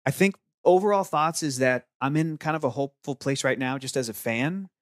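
A man co-hosting a casual podcast chat, animated and jokey, often restarting and repeating himself. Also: medium pitch, a little fast, dry recording, clean studio sound. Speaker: podcast co-host.

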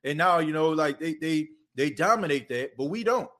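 A man runs his own sports podcast in a relaxed, off-the-cuff monologue. His voice sits a little higher than most men's, and he rambles conversationally, circling back with filler phrases as he makes his points. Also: moderate pace. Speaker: podcast host.

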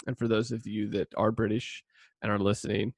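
A man's voice: fairly low pitch, little pitch movement, a little fast, gravelly, dry recording, clean studio sound. A man hosting a casual podcast, a former youth pastor who rambles with many fillers, jokes at himself and reads scripture aloud on a cheap mic. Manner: rambling, self-deprecating, many fillers and laughs. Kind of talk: casual chat and scripture reading. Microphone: cheap budget mic.

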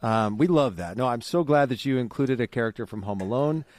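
A man co-hosting a podcast, talking earnestly in a halting way with many restarts. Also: mid-range voice, lively intonation, a little mellow. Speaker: podcast co-host. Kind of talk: casual chat.

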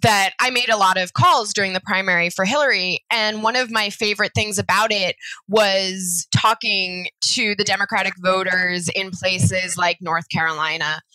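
A woman's voice: mid-range voice, steady tone, moderate pace, pushed and bright, dry recording, low-quality recording. A woman, a political organizer, explaining her work earnestly in an interview. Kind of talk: interview conversation.

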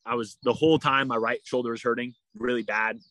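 A man telling a story in a casual interview, animated and full of "like", acting out what people said. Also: medium pitch, fairly quick, no echo. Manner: animated, heavy use of "like", acts out quoted dialogue. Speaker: guest.

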